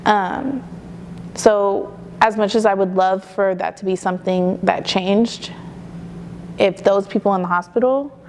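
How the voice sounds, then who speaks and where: A woman's voice: mid-range voice, steady tone, unhurried, darkish tone, a little hiss or hum. A young adult woman, a mother, talking candidly in a casual interview, with many fillers. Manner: chatty and candid, many "you know" and "like" fillers.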